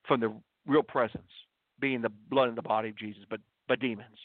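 A man's voice: mid-range voice, brisk, dry recording. A man preaching earnestly as a radio host, leaning on repeated rhetorical questions and stressed words. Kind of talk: radio sermon. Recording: dry, tinny phone-like broadcast audio.

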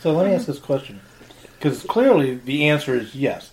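A man's voice: medium pitch, lively intonation, normal speed, darkish tone. A man co-hosting a casual panel chat, asking questions and building on others' points. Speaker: podcast co-host.

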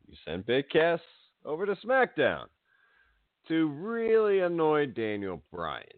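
A man co-hosting a casual wrestling chat, talking in an animated, rambling way and laughing often. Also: fairly high pitch, slow pace, no room sound. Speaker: podcast co-host. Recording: dry, phone-like audio.

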